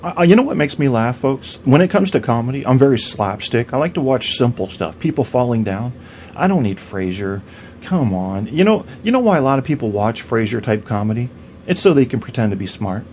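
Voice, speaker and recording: A man's voice: mid-range voice, sing-song, a little fast, darkish tone, slight background noise. Profane rambling male podcast host. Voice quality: rambling, profane, stammering restarts. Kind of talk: crude comedic rant.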